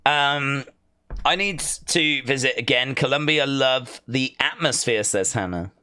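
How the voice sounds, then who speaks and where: An English man chats his way through a live stream, reading viewer comments aloud and riffing on them in a loose, rambling way. His voice sits at an ordinary middle pitch. The sound is close and dry, with no room around it. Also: a little slow, bright, forceful tone, clear, resonant tone, no echo. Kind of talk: casual watch-along chat.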